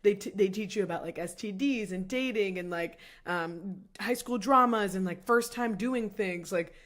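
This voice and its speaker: A woman's voice: mid-range voice, normal speed, a bit bright. A young woman co-hosting a podcast, talking casually and filling her speech with "like" and "um". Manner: chatty, fills speech with "like" and "um". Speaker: podcast co-host. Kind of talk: casual chat.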